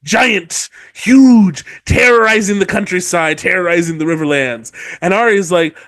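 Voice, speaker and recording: A woman's voice: fairly low pitch, measured pace, fairly bright tone, no room sound. A woman co-hosting a podcast, recapping book chapters in a rambling, profane way, correcting herself as she goes. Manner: rambling, profane, self-correcting, acts out characters. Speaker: podcast co-host.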